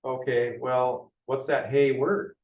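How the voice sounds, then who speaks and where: A man's voice: medium pitch, flat delivery, slow. A man presenting a business planning workshop in a casual lecture style, often checking in with the group as he talks. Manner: conversational, keeps checking in with the group. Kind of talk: informal classroom lecture. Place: meeting room with a live audience. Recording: echoey lo-fi room recording.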